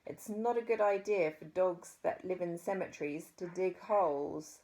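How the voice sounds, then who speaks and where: A woman's voice: on the low side, moderate pace, warm tone, lightly acted. A woman doing a smug estate agent man. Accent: New Zealand. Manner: smug, breezy.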